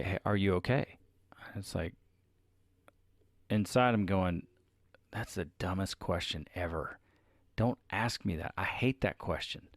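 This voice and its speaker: A man's voice: fairly low pitch, no echo. A man co-hosting a podcast with his wife, telling candid, confessional stories in casual chat on a close mic.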